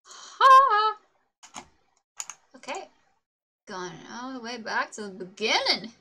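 This is casual gaming livestream chatter from a woman whose fairly high voice is expressive, pushed and bright at normal speed. Bubbly and self-mocking, she giggles through asides and hums sing-song nonsense sounds to herself as she plays.

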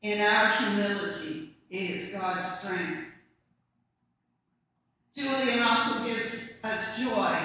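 Preacher at morning prayer: slow, calm sermon reading, picked up from a distance in a very reverberant church. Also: medium pitch, slight background noise. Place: church sanctuary. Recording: echoey church heard from a distance.

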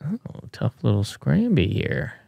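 Low, gravelly male analyst for casual sports coverage; explains shots, cracks jokes, animated delivery. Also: unhurried. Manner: analytical, jokey, excitable reactions. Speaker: disc golf commentator.

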